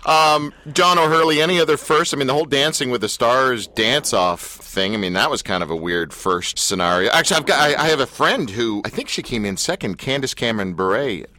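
Bright, playful radio host. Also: male voice, mid-range voice, animated, a little fast, hardly any pauses, no room sound. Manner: playful and teasing, eager. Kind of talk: casual radio interview.

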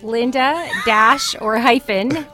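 A woman's voice: fairly high pitch, slow, over music. Good-humored woman radio guest. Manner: good-humored, laughing easily. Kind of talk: casual radio chat. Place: radio studio.

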